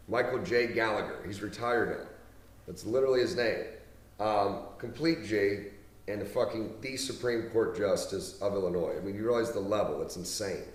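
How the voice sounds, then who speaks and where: A man in his thirties telling stories in a casual monologue, blunt and profane, leaning on emphatic repetition. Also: fairly low pitch. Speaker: business speaker. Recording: roomy, mic at a distance.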